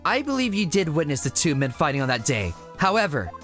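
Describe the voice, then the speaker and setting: A man's voice: a little high, very animated, brisk, fairly bright tone, faint music behind. A man voicing a poised woman defense attorney, pressing a witness in a cool, pointed way. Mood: accusing. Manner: cool, pointed cross-examining.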